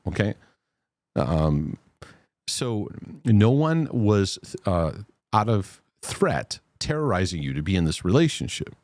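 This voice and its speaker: Earnest man with a lively low voice. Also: no echo. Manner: earnest, reassuring, reads questions aloud. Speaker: host answering viewer questions. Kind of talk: live Q&A broadcast.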